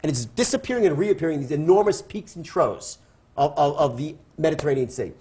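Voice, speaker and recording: Fast-talking man telling a wild story. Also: fairly high pitch. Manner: animated, playful storyteller. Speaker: interview guest. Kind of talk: storytelling anecdote.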